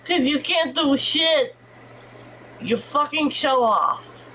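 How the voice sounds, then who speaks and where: A woman's voice: high voice, animated, takes it slowly, pushed and bright, a little hiss or hum, exaggerated voice. A woman voicing a smug, bragging male game character who taunts and swears. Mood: taunting.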